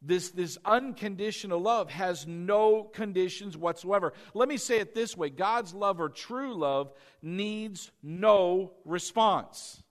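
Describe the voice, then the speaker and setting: A middle-aged male pastor delivering a sermon in a fairly high voice. He preaches in an animated way, firing rhetorical questions at the congregation and slipping into quoted lines. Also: takes it slowly, few pauses.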